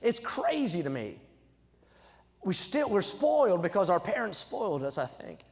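Young guy preaching, higher voice, goes quiet then shouts it out, long church echo. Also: very animated, normal speed. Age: young adult. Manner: emphatic, swings from low asides to loud exhortation. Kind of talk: sermon. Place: church sanctuary. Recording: church sanctuary with long reverb.

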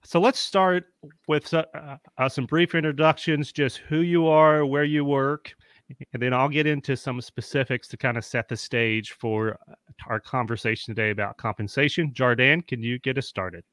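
A man's voice: mid-range voice, moderate pace, a bit bright, no room sound. A man hosting a live-streamed panel interview, chatty and upbeat, greeting viewers by name. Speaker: host.

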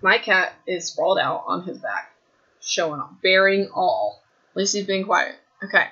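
Hoarse woman podcasting at home, rambly and jokey, says like constantly, bright edgy voice, kinda dull lo-fi sound. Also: on the low side, big pitch swings, moderate pace, slight background noise. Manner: chatty, self-mocking, says "like" a lot. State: hoarse, raspy throat. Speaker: podcast host. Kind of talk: casual chat, rambling book summary.

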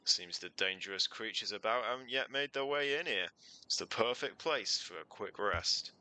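A man voicing an old male station keeper in a measured, formal storytelling manner. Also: on the low side, expressive, sharp tone, poor audio. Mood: wistful.

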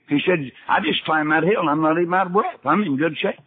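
A man's voice: high voice, lively intonation, fast talker, few pauses, slightly rough. An older man preaching a sermon, telling Bible stories in a folksy way and acting out the dialogue himself. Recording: tinny archival sermon recording.

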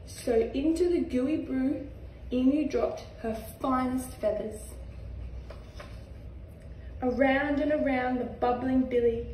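A young Australian woman reading a children's picture book aloud in a gentle, sing-song way. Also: high-pitched, slow pace, long pauses, slight background noise. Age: young adult. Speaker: reader, footballer. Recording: echoey room, far from mic.

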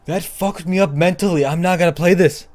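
A young man with a high, fairly quick voice hosts his gaming channel, nervously commenting on a horror game. He swears and repeats himself, shifting between hushed murmurs and sudden yelps.

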